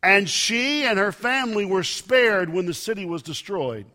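High bright-voiced preacher in a reverberant hall. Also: male voice, lively intonation, moderate pace. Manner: emphatic preaching with sudden loud rises and soft drops. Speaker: pastor. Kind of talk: sermon. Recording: long reverb of a large hall.

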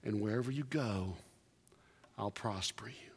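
A man preacher voicing God speaking to Joshua, hushed, slow and reassuring. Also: on the low side, slightly rough, voice pushed down. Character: God, calm and reassuring divine voice. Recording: long church reverb.

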